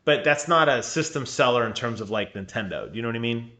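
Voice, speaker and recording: Guy cohosting a games podcast over a call, bright tone, lively, laughs a lot. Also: medium pitch, fast. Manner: animated, laughs often, asks questions. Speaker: podcast co-host. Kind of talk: casual chat. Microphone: remote call mic.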